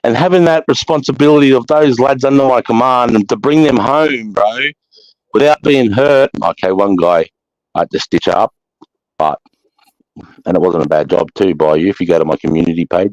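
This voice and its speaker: A man's voice: lowish voice, a little fast, darkish tone, no room sound. Blunt, swearing Australian man on lo-fi audio. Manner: blunt and heavily profane, preaching with emphasis. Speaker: host of a live chat show. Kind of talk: casual spoken monologue. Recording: dull lo-fi dry audio.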